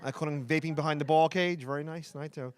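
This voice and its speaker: A man with a Philadelphia accent doing a stand-up comedy set before a live audience, talking fast and rambling with restarts and asides to the crowd. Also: on the high side, steady tone, clear, resonant tone, no room sound.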